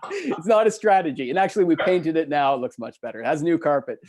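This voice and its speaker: A man telling a story as a guest in an interview, in a casual, animated way and laughing easily. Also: on the high side, quick pace, heavy background noise. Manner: animated, acts out the people in his stories. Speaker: hotel expert and entrepreneur, guest.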